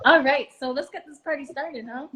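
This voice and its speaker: A woman from the United States, a singer, chatting warmly and with lots of laughter as a guest on a live stream. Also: sits high, low-quality recording. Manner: giggly, animated, warm. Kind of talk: casual live-stream chat.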